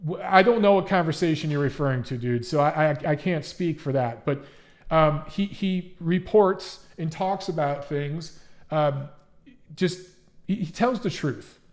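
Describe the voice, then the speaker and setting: A man's voice: on the high side, unhurried. Chatty man hosting a livestream. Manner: emphatic, conversational, frequent restarts. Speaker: livestream host and boxing writer. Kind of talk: casual livestream chat reading viewer comments.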